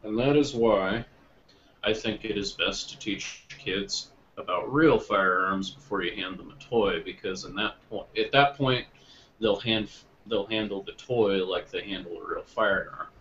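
A man chatting casually on a podcast, rambling and correcting himself, getting animated when he retells stories. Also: lowish voice, measured pace. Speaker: podcast co-host. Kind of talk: casual chat. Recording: muffled lo-fi online call audio with faint noise.

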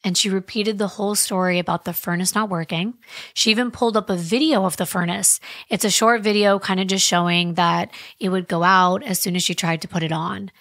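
A woman's voice: medium pitch, steady tone, a little fast, fairly bright tone, no room sound. A woman host walks through a true crime case in a conversational way, leaning on key points with emphasis and dropping wry asides. Her voice sits in a middle range and is recorded dry and close. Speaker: podcast host.

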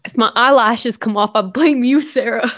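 Tearful young woman, a bit high. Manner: halting, lots of fillers, soft laughs. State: tearful, crying. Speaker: YouTuber hosting a livestream. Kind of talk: casual livestream chat.

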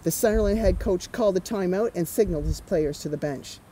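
Warm-toned storytime reader, woman, animated with chatty asides. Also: on the low side, brisk, slight background noise, rough recording. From Canada. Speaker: author reading her picture book. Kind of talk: children's storytime read-aloud.

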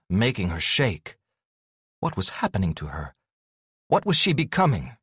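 A man narrating a fantasy audiobook in a scripted, expressive way, recorded on a studio microphone. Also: lowish voice, no room sound.

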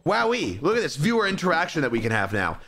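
A man's voice: a little high, quick pace, slight background noise. A young man streaming a game live, rambling and joking as he plays. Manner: rambling, excitable, jokey. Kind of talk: live gameplay commentary.

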